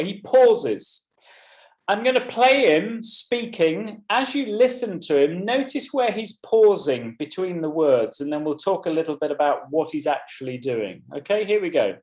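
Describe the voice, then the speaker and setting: A man's voice: high voice, animated, measured pace, a little mellow, echoey room. A man presenting a teaching webinar, explaining at length and addressing attendees by name. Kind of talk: webinar lecture.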